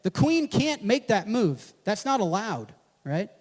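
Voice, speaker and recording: A man's voice: sits high, very animated, a little slow. A man giving a live presentation at an event, brash and profane, who keeps checking with the audience. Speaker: conference presenter. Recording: echoey hall with long reverb.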